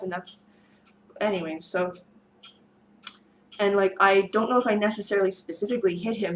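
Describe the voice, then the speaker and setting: A woman whose voice is strained and fraying tells a long storytime to camera. She rambles, circles back and fills pauses with ums, at an ordinary mid pitch. A faint hiss sits under the recording. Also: a bit bright, rough recording. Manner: rambling, many fillers and restarts. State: losing her voice. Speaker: vlogger. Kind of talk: storytime monologue.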